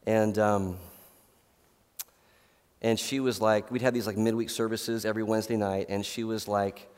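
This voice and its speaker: A middle-aged man preaches as a pastor, telling stories in a casual, rambling way packed with fillers. His lowish voice is flat and a little mellow at a moderate pace, the tone clean with a long reverb tail.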